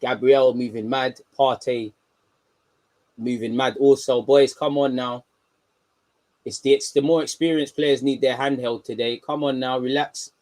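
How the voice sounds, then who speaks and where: A young man hosting a live football watchalong, talking in slang and swinging from low muttering to excited shouts. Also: unhurried. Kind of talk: live match reaction commentary.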